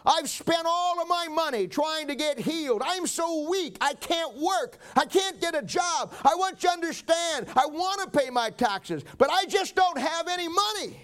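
A man's voice: very high voice, animated, normal speed, few pauses, fairly bright tone, voice pushed up. A man preaching voices a weak, sick woman who pleads that she cannot pay her taxes. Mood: pleading. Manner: earnest, pleading.

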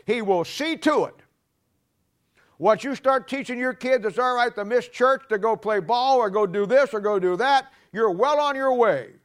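A man preaching a sermon emphatically, voice dropping low and soft at the ends of points. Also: moderate pace. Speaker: pastor.

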